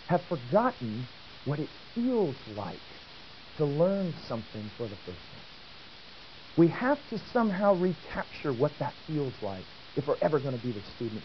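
A male lecturer tells a story to his class in a lively, swooping voice. He keeps asking the room questions. The sound is a dull old tape with a faint hiss. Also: a little high. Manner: animated, asks the audience questions.

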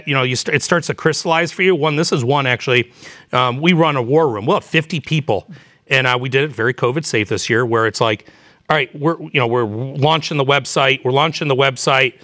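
A man's voice: fairly high pitch, pushed and bright. A man around fifty, an executive guest, telling candid stories in a casual interview with many fillers. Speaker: chief marketing officer, guest.

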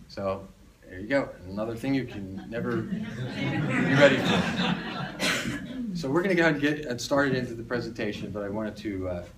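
Male presenter, lively storyteller, recorded at a distance on a phone in a restaurant room. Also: mid-range voice, heavy background noise. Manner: animated storyteller, rhetorical questions. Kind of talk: conference talk telling a story. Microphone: phone on tripod across the room.

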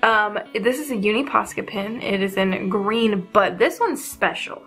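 A young woman hosting her art channel, chatting casually and excitedly as she unboxes art supplies. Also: medium pitch, unhurried, soft background music. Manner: bubbly, excitable, giggly.

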